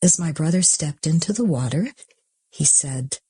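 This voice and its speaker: A woman reading an audiobook in a soft, slow, often half-whispered way. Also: sits low, animated, husky, dry recording. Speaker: audiobook narrator.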